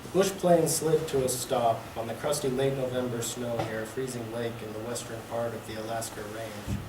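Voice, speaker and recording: A man's voice: medium pitch, fairly even intonation, moderate pace. Man reading fiction in an echoey library. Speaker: fiction writer reading his work. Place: public library reading event. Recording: echoey room, distant mic, background noise.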